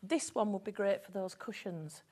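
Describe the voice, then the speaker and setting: A woman's voice: mid-range voice, moderate pace, dark tone. A woman with a Yorkshire accent presents a live sewing show, explaining where the wool comes from and how to care for it. She talks in a chatty, down-to-earth way, often hedging with "you know" and "I'm told.". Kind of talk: live shopping chat.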